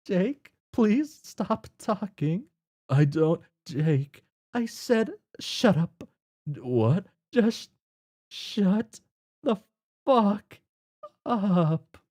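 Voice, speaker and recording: A man's voice: a little high, slow pace, creaky, hardly any pauses, no echo, clean studio sound, heavily acted. A man voicing a furious teenage girl who snaps in exasperated outbursts while reading a webcomic aloud. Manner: sharp, exasperated, shouting outbursts.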